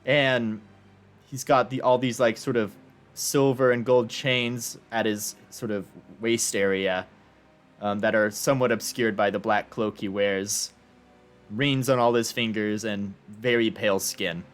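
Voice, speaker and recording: A man's voice: lowish voice, fairly even intonation, measured pace, soft background music. A man narrating as game master of a tabletop game, describing scenes in a loose, searching way.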